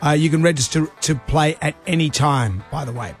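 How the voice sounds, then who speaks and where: A man co-hosting a radio show, joking and quick in banter with callers. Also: on the high side, faint music behind. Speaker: radio co-host.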